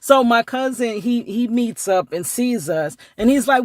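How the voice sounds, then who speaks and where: In this clip the woman stays unhurried but rarely pauses, performing the quotes in her story with sharp jumps in her voice and plenty of laughs. The sound is dry and clean, like a studio.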